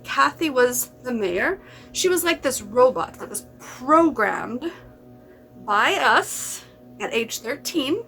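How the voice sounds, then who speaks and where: A woman's voice: sits high, expressive, slow, vocal fry, fairly bright tone, faint music behind, rough recording. A woman vlogging in casual chat to camera, rambling and repeating herself.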